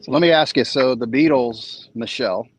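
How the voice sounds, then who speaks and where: A man's voice: mid-range voice, normal speed, husky. A man chatting casually on a podcast, asking questions with curiosity. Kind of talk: casual chat.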